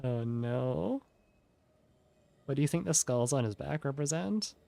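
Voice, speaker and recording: Chill guy gaming w a friend, gravelly voice, mid pitch. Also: animated, a little slow, dark tone, no echo. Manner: laid-back, laughing often. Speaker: co-player. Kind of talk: casual chat while gaming.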